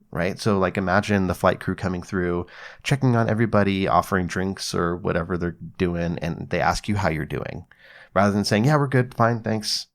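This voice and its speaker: The host of a psychology podcast, he has a low, gravelly voice. He dispenses relaxed advice in a conversational tone, with casual cursing and acted-out scenarios.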